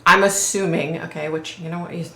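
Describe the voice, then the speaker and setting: A woman's voice: sits low, fairly even intonation, a little fast, sharp tone. A woman vlogger recounting a psychic vision in a casual, rambling way, often saying "like" and checking in with "okay?". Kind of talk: casual storytelling to camera. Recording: roomy echo.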